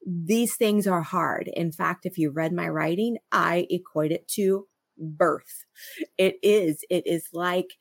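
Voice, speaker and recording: A woman's voice: lowish voice, slow, vocal fry, no echo. A middle-aged woman co-hosting a podcast, talking earnestly in a reflective way with frequent restarts and stammers and easy laughter. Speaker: podcast co-host. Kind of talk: reflective conversational talk.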